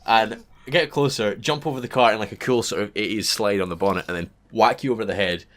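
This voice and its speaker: A man's voice: on the low side, quick pace, fairly bright tone. A man co-hosting a podcast, playfully narrating an improvised comedy scene with laughing asides. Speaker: podcast co-host. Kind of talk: improvised comedy role-play.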